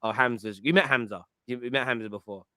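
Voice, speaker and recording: Animated laughing host. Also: male voice, mid-range voice, fast, dry recording. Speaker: podcast host. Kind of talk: casual chat.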